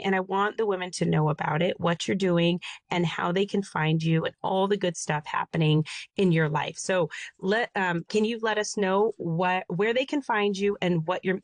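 A woman's voice: lowish voice, dry recording. A woman interviewing a guest for her book, asking rambling questions with restarts.

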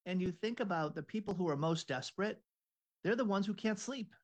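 An earnest man with a somewhat high voice talks things through, feeling his way and restarting his sentences as he goes. He sounds engaged and thoughtful. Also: a little fast. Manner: earnest, searching, restarts often. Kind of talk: casual conversation.

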